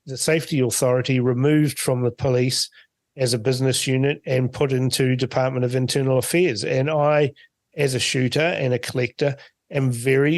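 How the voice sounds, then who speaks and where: A man's voice: mid-range voice, no echo. A man from New Zealand hosting a political talk show, speaking bluntly and dismissively. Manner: blunt, dismissive, plain-spoken. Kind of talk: political talk radio chat.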